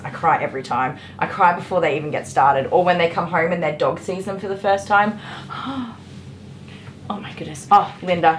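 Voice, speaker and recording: A woman with a fairly low-pitched voice grooms dogs indoors at a salon while casually chatting on a livestream, greeting viewers by name. A faint hiss or hum runs under the audio.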